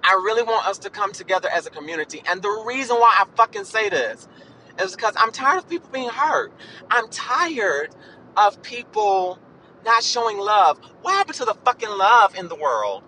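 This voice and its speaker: A man's voice: high-pitched, sing-song, moderate pace, sharp tone, a little hiss or hum, rough recording. A man in his thirties hosting a podcast, ranting in a profane, emphatic, sassy way and calling listeners honey. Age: 30s. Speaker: podcast host.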